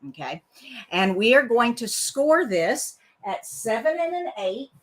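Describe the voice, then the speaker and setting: A woman's voice: a little high, big pitch swings, measured pace. A woman hosting a casual live card-making tutorial, chatty and rambling, often laughing.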